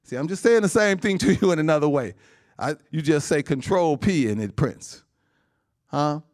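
A man pastor preaching a sermon, calling out to the congregation, laughing as he talks and surging high and loud, then dropping to a hushed prayer. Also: normal speed. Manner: animated, surges high and loud, laughs through lines, calls out "Amen?" and "Huh?"; drops to a hushed, soft tone in prayer.

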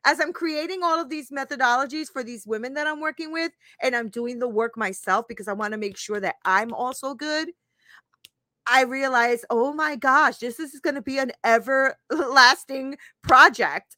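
A bright-toned woman speaking live as a motivational coach, in a dry, close sound. She is candid and casual, drops in the odd swear word and laughs as she talks. Her pitch sits a little above the usual. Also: moderate pace, no echo. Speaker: life coach and show host.

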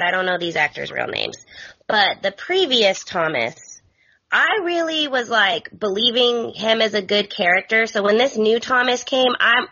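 A woman's voice: medium pitch, bright, forceful tone, muffled recording. A woman guest co-host on a podcast, chatting casually in a skeptical, questioning way. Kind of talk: casual recap chat.

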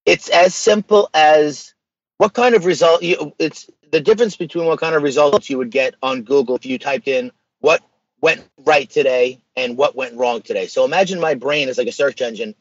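Male podcast guest, husky, earnest and animated, dry slightly muffled audio. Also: on the high side, moderate pace, dry recording. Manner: earnest, animated storytelling with slang. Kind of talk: casual podcast conversation.

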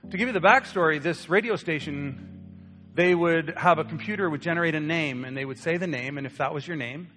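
Animated young man preaching in a hall. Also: a little high. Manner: animated storyteller acting out quoted voices. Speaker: pastor. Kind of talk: sermon with personal story. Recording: long hall reverb with soft guitar.

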